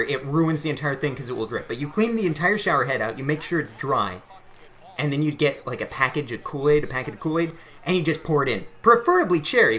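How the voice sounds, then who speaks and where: A man's voice: fairly high pitch, pushed and bright. A young man hosting his channel, chatting casually and laughing at his own stories. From Canada. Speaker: channel host. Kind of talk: casual storytelling to camera.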